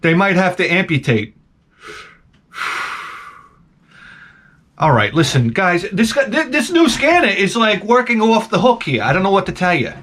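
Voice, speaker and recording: A man's voice: high-pitched, unhurried, long pauses. A man riffing in a rambling comedic monologue, jumping into silly voices. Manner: animated, jumps into silly voices. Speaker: comedic vlogger.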